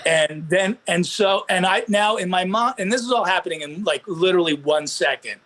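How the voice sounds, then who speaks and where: A man who is a comedian guest on a podcast, telling a stand-up story in a casual, animated way. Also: high-pitched, normal speed. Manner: animated, punchline-driven.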